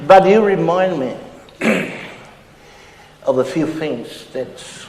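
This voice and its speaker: A smug, tipsy Samoan uncle , played by a man, croons syrupy compliments in a Samoan accent. He drawls slowly in a slightly raised voice. The sound is echoey and far-reaching, with loud background noise. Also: a little high, expressive, crowd noise. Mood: crooning, flirty. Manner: syrupy, flowery flirting with grand romantic lines. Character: tipsy middle-aged Samoan uncle, smug self-styled ladies' man. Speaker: comedian in character. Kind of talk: live comedy character act.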